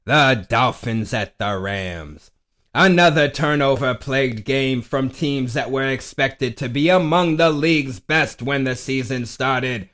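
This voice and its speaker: A man co-hosting a fantasy football podcast, hoarse from a sore throat, blunt and deadpan. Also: mid-range voice, a little slow. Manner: dry, blunt, deadpan jabs. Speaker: podcast co-host. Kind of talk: casual sports podcast banter.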